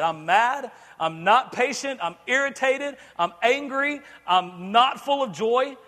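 A man preaching a sermon as pastor, animated and laughing often as he acts out scenes. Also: high voice, in a large hall. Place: church sanctuary.

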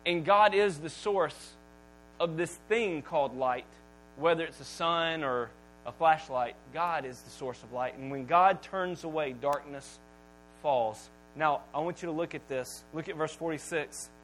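A man preaching a sermon, swinging from hushed, slow phrases to loud bursts. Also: slight background noise, rough recording. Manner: dramatic pauses, drops to near-whisper, then booms. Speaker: pastor.

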